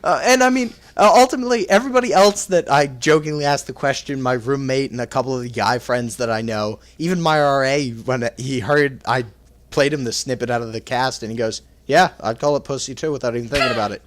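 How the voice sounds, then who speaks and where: A man's voice: mid-range voice, brisk. A young man hosting a casual podcast over a voice call, rambling through stories, swearing freely and acting out the voices he quotes. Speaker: podcast host. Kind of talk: casual chat.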